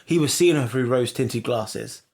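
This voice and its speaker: A man's voice: mid-range voice, normal speed, creaky, a little mellow. A man co-hosting a casual podcast, given to incredulous outbursts. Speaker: podcast co-host. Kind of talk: casual chat.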